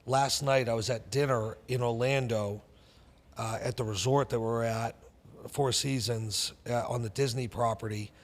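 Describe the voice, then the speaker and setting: A middle-aged man with a Boston accent, telling stories as a podcast guest in an intense, animated way. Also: mid-range voice, big-room sound. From Boston area, USA. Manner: intense, animated, talks in rapid bursts. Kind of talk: casual interview storytelling.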